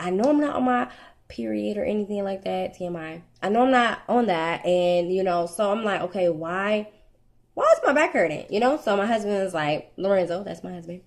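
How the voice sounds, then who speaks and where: A young woman casually telling her viewers a personal story in a rambling, chatty way, with many fillers and restarts. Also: mid-range voice. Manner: candid and conversational, addresses viewers directly. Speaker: vlogger.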